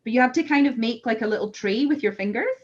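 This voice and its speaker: A woman with a Scottish accent, a whisky blender chatting as a guest, animated and self-deprecating in her stories. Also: on the high side, fast, breathy edge, lo-fi sound. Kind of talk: casual video-call chat.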